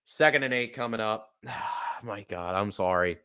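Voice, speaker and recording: A man calls football plays live for his podcast in a smooth, clear voice. He talks like an upset fan, swearing and apologizing between plays, then gets louder and quicker when the action starts. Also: lowish voice. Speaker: play-by-play podcast host. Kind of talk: live fan play-by-play commentary.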